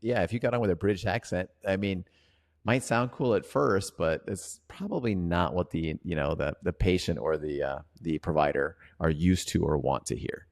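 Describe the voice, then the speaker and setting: A man's voice: low voice, a little fast, creaky, few pauses, a little mellow. A man co-hosting an interpreting podcast, chatting casually and often checking in with "right?". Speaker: podcast co-host.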